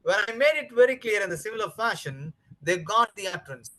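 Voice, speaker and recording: High-voiced man lecturing teachers. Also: expressive, brisk, sharp tone, poor audio. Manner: repetitive, emphatic, many fillers. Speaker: teacher trainer. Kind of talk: training lecture.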